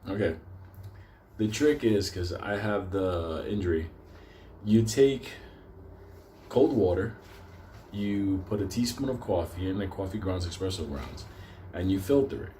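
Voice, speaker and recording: Swearing, rambling male vlogger, deep voice. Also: unhurried, pauses often, dark tone, a little hiss or hum. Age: older. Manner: swears constantly, rambling, laughs often. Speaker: stock market video host. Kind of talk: profane casual monologue to viewers.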